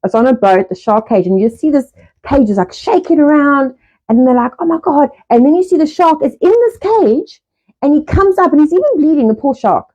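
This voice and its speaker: A middle-aged woman hosting a casual live stream, talking fast in a rambling way and swearing often. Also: high voice, lively intonation, warm tone. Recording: dull lo-fi live-stream audio.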